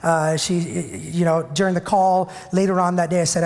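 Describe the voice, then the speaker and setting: A man's voice: sits high, fairly even intonation, brisk, darkish tone. Man preaching in a reverberant church hall. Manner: conversational, self-deprecating storytelling. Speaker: pastor. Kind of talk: sermon.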